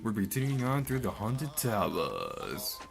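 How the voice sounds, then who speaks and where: Animated man doing game commentary. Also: on the low side, a little slow, creaky. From Florida. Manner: animated, rambling, laughs and yelps at the game. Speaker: let's play host.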